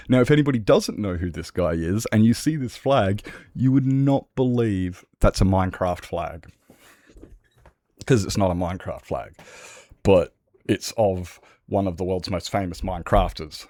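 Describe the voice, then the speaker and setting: Low-voiced Australian man rambling on stream. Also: normal speed, a little mellow, no echo, studio quality. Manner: rambling, sweary, chatty. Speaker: livestreamer. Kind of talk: casual chat with viewers.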